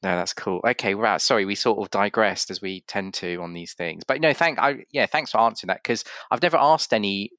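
Gravelly low-voiced English man. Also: a little fast, few pauses, fairly bright tone, dry recording. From Yorkshire, England. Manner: reflective, rambling, with many restarts and acted-out quotes. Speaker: podcast host. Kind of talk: casual conversational interview.

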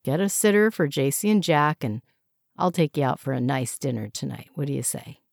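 A woman's voice: low voice, animated, a little fast, gravelly, a little mellow, dry recording, clean studio sound. A woman reading a story, voicing a smug husband who offhandedly mocks his hungover wife. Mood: breezy.

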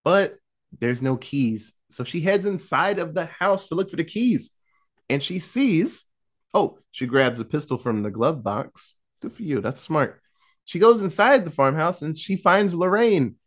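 A man's voice, on the high side and measured in pace, walks through a horror film's plot in a laid-back podcast. He animatedly voices the characters' lines, laughing and cursing as he goes.

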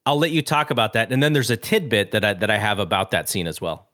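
A man's voice: fairly low pitch, expressive, fast, fairly bright tone, no room sound, clean studio sound. A man co-hosting a podcast, retelling film scenes at length and acting out the characters' lines in a casual chat. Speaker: podcast co-host.

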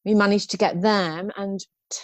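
A woman's voice: medium pitch, fairly even intonation, moderate pace, no room sound. A woman in her fifties, a guest in an interview, telling her story frankly and ramblingly, with restarts and rueful laughs.

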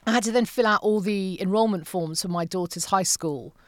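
Expressive woman in her late forties, podcast guest, dry studio sound. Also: mid-range voice, fairly quick, no echo. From from abroad, living in the USA. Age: late 40s. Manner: animated storyteller, acts out quotes, swears freely. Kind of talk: casual conversation.

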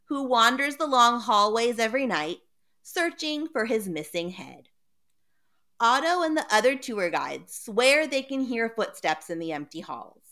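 A woman's voice: medium pitch, fairly bright tone. A woman reading a ghost story aloud in a dramatic, playful way.

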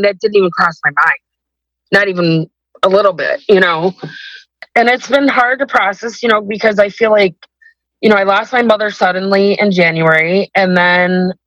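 A woman's voice: mid-range voice, normal speed, fairly bright tone, no room sound, low-quality recording. A woman telling her personal story as a guest in a podcast interview, hesitant and rambling, with many restarts.

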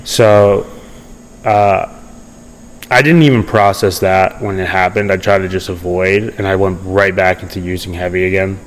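Young male podcast guest, casual, restless restarts, slightly low voice, light background noise. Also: steady tone, normal speed, rough recording. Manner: rambling, many fillers and restarts. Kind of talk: casual storytelling interview.

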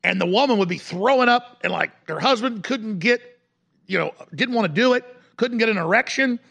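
A male talk radio host in an impassioned broadcast monologue. He rants with force, swinging between shouts and low growls. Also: expressive, fairly quick, vocal fry, husky, dull audio.

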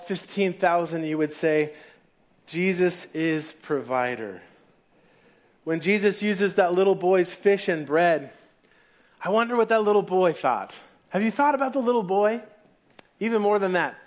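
A man preaching a sermon in a casual storytelling way, acting out the people in the story. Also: high-pitched. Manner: casual storytelling, acts out voices.

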